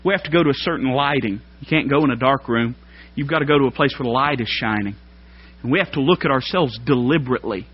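A man preaching a sermon, folksy and plain-spoken, climbing to loud emphatic peaks. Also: mid-range voice, fast talker, breathy edge. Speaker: pastor. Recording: dull lo-fi sermon recording.

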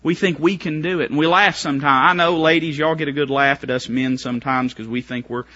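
A man preaching a sermon, rising to shouts and dropping to hushed tones. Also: steady tone, brisk. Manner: swings between shouted climaxes and hushed low passages. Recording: muffled lo-fi church recording.

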